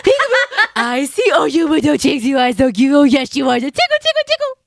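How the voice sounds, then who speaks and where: A woman's voice: sits high, very animated, fairly quick, vocal fry, no echo, heavily acted. A woman doing cooing baby talk to an imagined infant on a radio show. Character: doting mother baby-talking to her infant.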